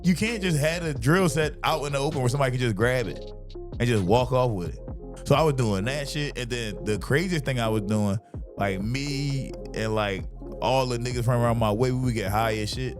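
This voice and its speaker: A man in his thirties tells stories loosely and profanely, laughing as he goes. Music plays clearly underneath his voice. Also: mid-range voice, fairly quick. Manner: profane, laughing, animated storyteller. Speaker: comedian podcast host. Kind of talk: casual storytelling chat.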